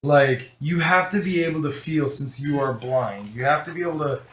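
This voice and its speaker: A man's voice: on the high side, moderate pace. Rambling man running a tabletop game. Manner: casual, rambling, many restarts. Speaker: game master. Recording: echoey room.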